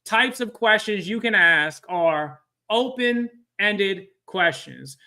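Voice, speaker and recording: A man's voice: high-pitched, bright, forceful tone. A man presenting a live training webinar, telling a story and often quizzing his audience.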